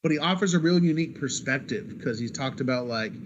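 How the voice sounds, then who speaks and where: A man's voice: medium pitch, animated, fast talker, highs cut off, a little hiss or hum. A man co-hosting a podcast in casual chat, rambling along with filler words and false starts. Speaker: podcast co-host.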